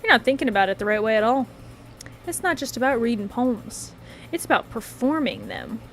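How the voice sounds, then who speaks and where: A woman voicing a bubbly, clumsy, cheerful teenage girl in a visual novel, high and sing-song. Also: expressive, brisk, a bit bright, faint music behind. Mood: eager. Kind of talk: visual novel read-aloud.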